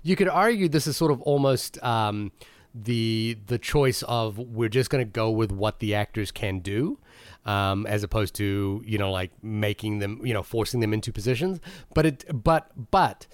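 A man's voice: on the low side, moderate pace, no room sound. Rambling male podcast host. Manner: rambling, many restarts and fillers. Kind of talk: casual film discussion.

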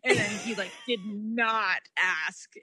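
A young woman co-hosts a podcast in a sharp, mid-range voice at a moderate pace, casually telling stories, laughing often, and saying "like" a lot. The recording is dry and studio quality.

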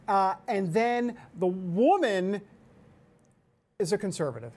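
A man's voice: sits high, animated, slow pace, a little mellow. A man in his forties hosting a casual news chat show, joking, laughing often and wandering into asides. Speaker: show host.

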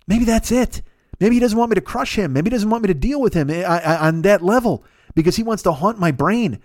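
A man rambles through a comic monologue, swearing freely and poking fun at himself. His voice sits high and jumps around a lot as he talks at a fast clip. The sound is close and dry, like a podcast studio. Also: animated, a little mellow, dry recording. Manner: profane, rambling, self-deprecating. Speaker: podcast host. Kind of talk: comedic monologue.

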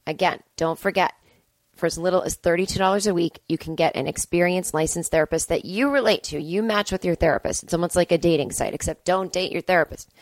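A woman hosting a podcast from a home, chatting casually and digressing, with a hoarse, strained voice and cooing baby talk. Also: fairly low pitch, fast talker, no echo. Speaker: podcast host. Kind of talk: casual rambling chat with ad read. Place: sister's home, indoors.

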